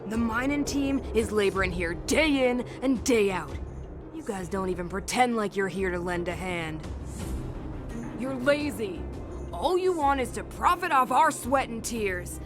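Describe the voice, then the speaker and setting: A stern, scolding miner's ally. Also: female voice, fairly high pitch, expressive, unhurried, music in the background. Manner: scolding, firm, contemptuous. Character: stern woman defending a mining team. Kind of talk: video game voice acting.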